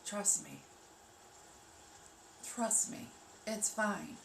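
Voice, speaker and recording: A woman hosts a calm livestream from her home, guiding listeners through breathing with slow, reassuring speech that sinks toward a hush. Her voice carries a gravelly fry. The mic sits some way off in an echoey room, with a steady hiss of noise underneath. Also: medium pitch. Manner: soft, reassuring, slows to a hush for breathing counts. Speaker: wellness livestream host. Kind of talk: gentle guided grounding talk. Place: home room with rain sounds on the TV.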